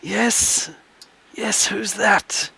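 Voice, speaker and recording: A man's voice: high-pitched, steady tone, drawn-out words, gravelly, pushed and bright, husky, pitched above the performer's own voice, exaggerated voice. Man putting on a frail, half-blind old man. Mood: suspicious.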